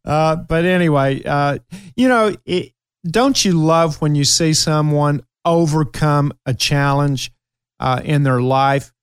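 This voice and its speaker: A middle-aged man with a Kentucky accent hosts a casual radio talk show, telling emotional stories with many fillers. His voice is fairly high and slow, clean and dry, with studio quality.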